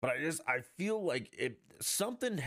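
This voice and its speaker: A man's voice: on the high side, big pitch swings, moderate pace, a bit bright, no echo, studio quality. A man hosting a podcast, ranting in a blunt, profane and mocking way in a casual monologue. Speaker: podcast host.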